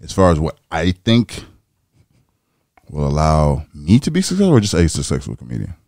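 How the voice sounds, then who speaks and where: A man's voice: a bass voice, wildly swooping pitch, moderate pace, darkish tone, no room sound, clean studio sound. A man, a guest comedian, chatting casually on a podcast in a laid-back, confident way with casual swearing.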